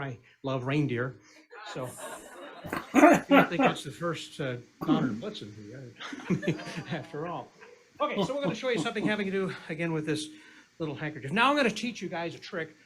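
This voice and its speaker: A man's voice: fairly high pitch, fairly bright tone. A man doing a comedy magic act on a live stage, trading corny puns and banter with the audience. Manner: corny punning patter, chatty, teasing the crowd.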